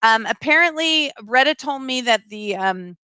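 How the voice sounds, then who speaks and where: Middle-aged woman host, higher voice, earnest and pleading, dry close mic. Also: expressive, normal speed, bright, forceful tone, clean tone, no echo. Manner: earnest, pleading, reads viewer comments aloud. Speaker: live stream host. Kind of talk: emotional live stream chat.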